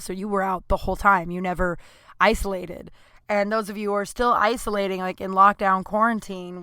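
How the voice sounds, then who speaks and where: A woman's voice: mid-range voice, a bit bright, no echo. Candid rambling woman podcaster, dry mic. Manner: rambling and candid, many fillers, swears, self-deprecating asides. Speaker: podcast host. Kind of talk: casual solo podcast monologue.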